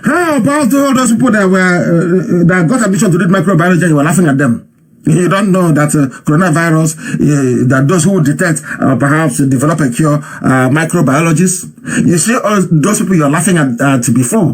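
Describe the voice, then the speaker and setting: Fiery man with a husky voice. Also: on the high side, fairly quick. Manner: fiery, scolding rhetorical questions. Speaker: commentator. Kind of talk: impassioned live commentary.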